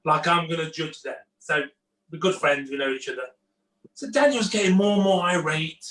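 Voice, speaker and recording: A man's voice: on the high side, normal speed. A man, a chef, telling an anecdote on a video call, acting out the quotes and laughing through it. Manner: animated, acts out quotes, laughs through the punchline. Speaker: guest chef. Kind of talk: casual storytelling on a video call. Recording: echoey room, far from the mic.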